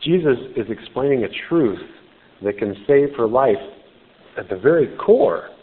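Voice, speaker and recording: A man's voice: mid-range voice, expressive, measured pace. A man preaching a conversational sermon, explaining a scripture story informally with casual asides. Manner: informal, explanatory, with "you know" fillers. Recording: tinny phone-like sound.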